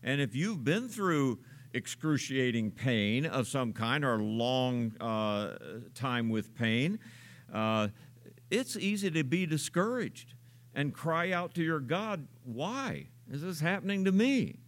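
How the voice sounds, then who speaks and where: A man preaching a sermon, unhurried and searching, with frequent filler sounds and rhetorical questions. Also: medium pitch, expressive, fairly bright tone. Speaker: pastor.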